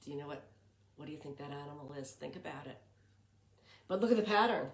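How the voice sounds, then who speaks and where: A woman's voice: low-pitched, fairly even intonation, fast, long pauses, roomy sound. A woman librarian reading a picture book aloud to young children, chanting patterns in a sing-song and asking them questions.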